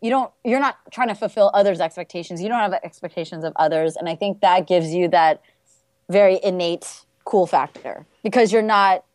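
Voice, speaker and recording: A woman's voice: lowish voice, moderate pace, a little mellow, dry recording, studio quality. A woman co-hosting a talk show, gushing and chatty with plenty of "like". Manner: gushing, chatty, heavy use of "like". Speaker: host. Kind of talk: casual chat.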